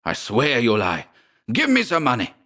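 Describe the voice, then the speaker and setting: Storybook villain: man playing a deep, gruff old father, menacing and impatient. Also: big pitch swings, a little slow, fairly bright tone, full character voice. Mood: desperate. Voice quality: gruff, vibrating voice. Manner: impatient, passionate, half-stifled.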